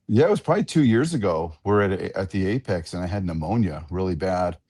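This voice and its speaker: A man, an octagon announcer, telling animated stories in a casual radio interview and often repeating his words. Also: low voice, quick pace, breathy edge. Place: radio studio.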